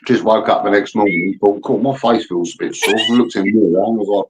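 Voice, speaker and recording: A man's voice: fairly low pitch, fast, poor audio. A man telling a rowdy story in casual chat, blunt and full of swearing. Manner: blunt, profane, laddish storyteller.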